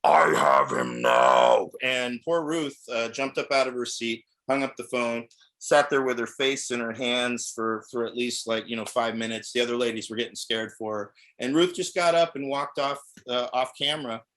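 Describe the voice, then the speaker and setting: Brief: middle-aged male stand-up, rambling storyteller, average pitch. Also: fairly even intonation, normal speed, a bit bright. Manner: rambling, self-interrupting delivery. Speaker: stand-up comedian. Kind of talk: stand-up set on a video call.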